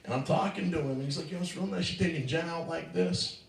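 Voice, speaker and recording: A man's voice: a little high, quick pace, creaky. A middle-aged man doing a loose, laughing stand-up set at an open mic, then chatting with the host. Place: small open mic venue. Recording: roomy, distant mic with faint noise.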